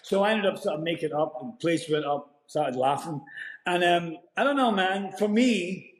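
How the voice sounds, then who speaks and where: A man's voice: fairly high pitch, moderate pace. Scottish man telling a story in a roomy space. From Scotland. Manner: animated storyteller, many restarts. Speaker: actor guest. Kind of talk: casual interview chat. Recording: roomy echo.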